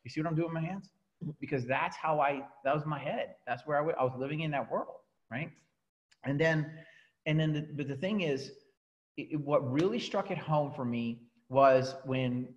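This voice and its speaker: A man giving a motivational talk to a coaching team, telling his story in an animated way and often restarting his sentences. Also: fairly high pitch, highs cut off. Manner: animated storytelling, repeats words and restarts, laughs at himself.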